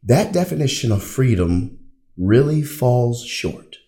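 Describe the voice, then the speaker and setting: A man's voice: mid-range voice, sing-song, takes it slowly, mellow. A man teaching theology in a classroom style, putting rhetorical questions to his listeners and answering them himself. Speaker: religion teacher.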